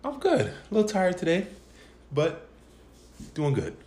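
Man, podcast co-host; easygoing, lively melody; roomy recording. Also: high voice, unhurried. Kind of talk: casual chat.

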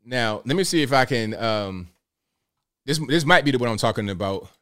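A man's voice: mid-range voice, animated, normal speed, fairly bright tone, smooth. Blunt, rambling male livestream host. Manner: rambling, blunt, riffing with rhetorical questions. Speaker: live show host. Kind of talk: casual livestream commentary.

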